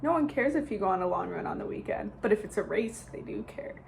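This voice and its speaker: With a medium-pitched, animated and creaky voice, a young Minnesotan vlogger chats quickly through her day, joking and teasing herself. There's slight background noise.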